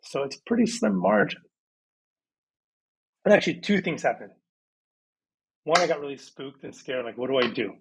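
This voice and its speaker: A man in his thirties, a podcast guest on a video call, telling his story in a lively, casual way and acting out past conversations. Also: on the high side, normal speed, vocal fry, long pauses, slight background noise, low-quality recording.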